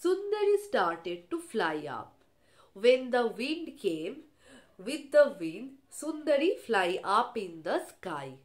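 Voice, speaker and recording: A woman's voice: on the high side, very animated, slow pace. A woman teacher reading a children's story aloud, retelling each line and explaining words in simple terms.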